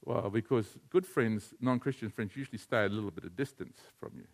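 A man preaching a sermon as a pastor, animated and leading his congregation in call-and-response. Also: lowish voice, fairly quick.

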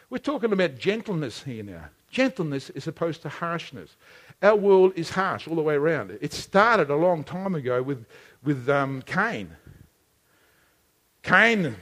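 A male preacher with a high, bright voice that has a gravelly edge. He delivers his sermon passionately, swinging widely in pitch and rising to shouts. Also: long reverb tail. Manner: impassioned, shouting at peaks, dramatic swings.

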